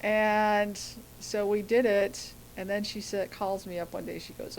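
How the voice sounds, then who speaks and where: Appearing as a guest, a middle-aged woman tells a personal story in a mid-range voice, a little slowly, against a noisy background. She's animated and acts out the voices of the people she quotes.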